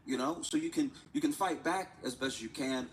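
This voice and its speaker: A man's voice: medium pitch, normal speed, poor audio. A man chatting casually during an art livestream, telling a rambling story and often laughing and repeating himself. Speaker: livestreaming artist. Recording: steady background noise.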